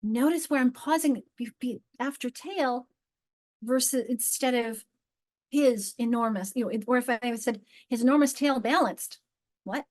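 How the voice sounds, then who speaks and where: A woman with a slightly high voice leads a teacher training over a video call. She talks in a chatty, informal way, restarting her sentences often. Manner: chatty, with frequent restarts and modeled read-alouds. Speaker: literacy trainer.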